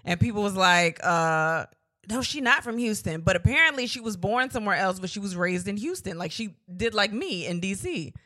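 A woman co-hosting a podcast, chatting casually with loud laughs, swearing and teasing. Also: mid-range voice, lively intonation, normal speed. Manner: loud, laughing, profane banter. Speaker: podcast co-host. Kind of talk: casual chat.

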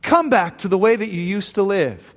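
Preacher guy doing his old party buddies, high and loud, all chummy and coaxing, "come on back" vibe, big echoey hall. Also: animated, moderate pace. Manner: coaxing, overly friendly. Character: old male drinking buddies beckoning a friend back.

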